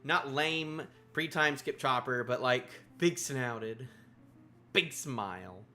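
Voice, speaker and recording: A man live-streaming a manga reaction, excitable, repeating himself and drifting into tangents. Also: medium pitch, slow pace, soft background music.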